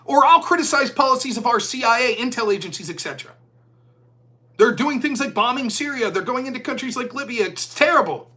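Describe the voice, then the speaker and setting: A man's voice: extremely high pitch, lively intonation, brisk, bright, forceful tone. A man hosting a political commentary live stream, reading viewer donations and mocking opponents sarcastically. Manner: sarcastic, mocking, mimics opponents in put-on voices. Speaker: political commentary show host.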